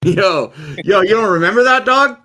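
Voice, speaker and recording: A man's voice: fairly high pitch, moderate pace, fairly bright tone. Profane joking man livestreaming. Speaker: livestream host. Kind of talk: casual livestream chat.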